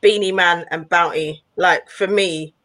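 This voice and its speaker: A woman in her forties co-hosting a casual podcast, animated and enthusiastic, laughing often. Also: lowish voice, unhurried, no echo. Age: 40s. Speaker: podcast co-host. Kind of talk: casual chat.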